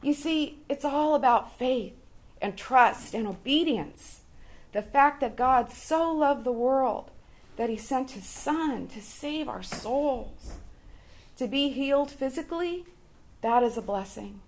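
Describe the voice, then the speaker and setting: A woman shares a devotional reflection with her Bible study group. Her voice sits a little high, and she talks very slowly, leaving pauses between short phrases. She keeps an earnest, measured tone throughout. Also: animated.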